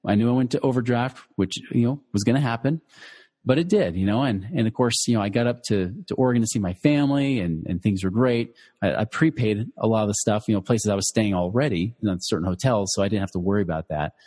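Husky low-voiced man telling a story. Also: fast talker, a little mellow, in a large hall. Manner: conversational, many fillers and restarts. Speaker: financial educator. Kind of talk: personal storytelling to listeners.

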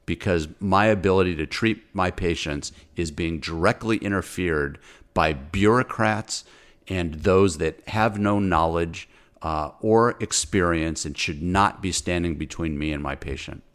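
On a talk show, a deep-voiced physician delivers an impassioned, unhurried rant. He's angry and insistent, repeating words forcefully and stumbling into restarts as he hammers each point home.

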